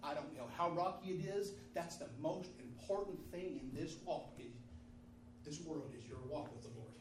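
A man's voice: a little high, moderate pace, background noise. A man preaching a fervent sermon, repeating phrases in call-and-response style. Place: church sanctuary. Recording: roomy, distant mic in a hall.

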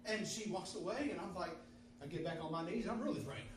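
A sweating man preaching a sermon full of personal testimony, fervent and repetitive, breaking into shouts. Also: high-pitched, fast talker. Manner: fervent, repeating phrases, bursts into shouting. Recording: echoey hall from far off with background noise.

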